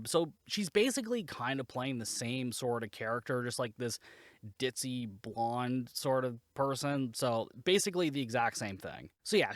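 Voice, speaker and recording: A man's voice: medium pitch, a bit bright, no echo, studio quality. A man hosting a podcast, giving a casual, rambling and sarcastic spoken review, swearing freely. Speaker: podcast host, movie reviewer.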